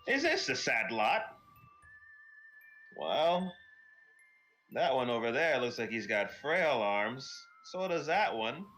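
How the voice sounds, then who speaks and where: A man's voice: medium pitch, sing-song, slow, pauses often, fairly bright tone, soft background music. A man putting on the voice of an impatient, scornful male dwarf in a tabletop game. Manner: scornful, grumbling.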